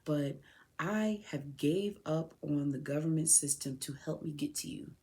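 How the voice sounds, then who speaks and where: A woman's voice: sits low, a little slow, dark tone. A woman podcast host speaking directly to her son, raw, tearful and heartfelt. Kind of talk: emotional personal address to her son.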